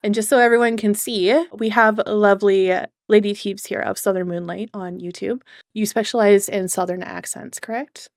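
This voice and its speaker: Eager woman host with vocal fry. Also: mid-range voice, fairly even intonation, moderate pace, no room sound, clean studio sound. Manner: eager, encouraging interviewer. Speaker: VTuber host. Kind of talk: casual interview.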